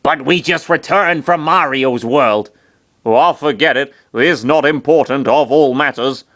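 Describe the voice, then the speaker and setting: Male reader, mid pitch, casual and irreverent, sarcastic asides between lines. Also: unhurried, a bit bright. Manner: casual, swearing, mocking asides. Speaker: reader of fan fiction. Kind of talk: casual dramatic reading with asides.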